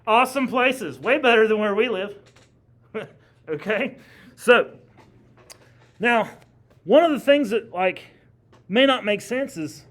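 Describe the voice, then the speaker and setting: A man's voice: fairly high pitch, fairly bright tone. A man teaching a history class in a classroom, talking casually and quizzing his students with questions. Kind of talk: classroom lecture.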